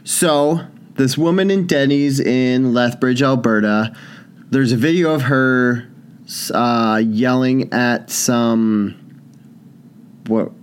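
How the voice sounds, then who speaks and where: A man's voice: mid-range voice, takes it slowly, smooth. A young man co-hosts a loose chat podcast in an ordinary mid-range voice. He tells stories in a rambling, start-stop way, full of restarts and likes. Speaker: podcast co-host. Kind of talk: casual banter podcast.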